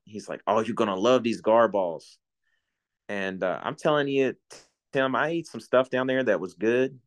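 A man in his forties settles into a relaxed chat, telling folksy stories with frequent chuckles. His voice sits fairly low. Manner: folksy storyteller, chuckles often. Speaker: guest, retiring coast guard officer. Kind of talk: casual chat.

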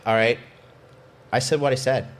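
A man's voice: medium pitch, fairly even intonation, normal speed, a little hiss or hum. A man guesting on a podcast, answering critics bluntly and defensively. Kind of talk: heated panel debate.

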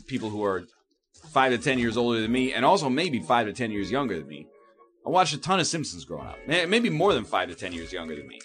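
A man's voice: mid-range voice, a bit bright. A man in his thirties delivering a wry, self-mocking comedic monologue full of tangents.

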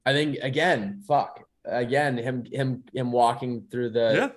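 A man's voice: medium pitch, fairly even intonation, slow. A young man co-hosting a podcast, chatting casually and rambling with many restarts. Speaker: podcast co-host. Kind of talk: casual chat.

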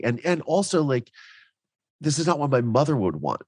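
A man's voice: mid-range voice, very animated, normal speed, darkish tone, husky, no room sound. A man guesting on a podcast, telling his story in a heartfelt way, at times close to emotional. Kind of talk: casual interview chat.

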